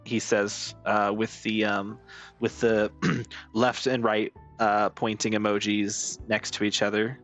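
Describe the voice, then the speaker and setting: Profane, excitable male game streamer. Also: fairly low pitch, slow pace, faint music behind. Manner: profane, excitable, talks to chat. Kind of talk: casual live-stream chat.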